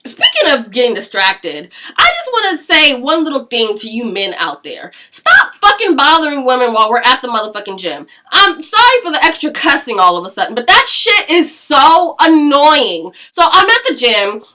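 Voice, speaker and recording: A high-pitched young woman vlogs at home in a blunt, casual rant. She swears freely and slips in laughing asides, and her voice is bright and forward. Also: wildly swooping pitch, moderate pace, few pauses. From Seattle area, US. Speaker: vlogger.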